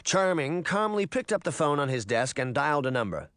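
A man narrating an audiobook chapter in an expressive storytelling manner. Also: fairly high pitch, fairly quick, hardly any pauses, clear, resonant tone, dry recording, clean studio sound. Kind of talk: scripted narration.

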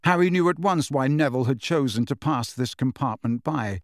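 A medium-pitched male audiobook narrator reads a novel aloud in a steady, measured storytelling style. It is scripted narration, recorded dry with clean studio sound.

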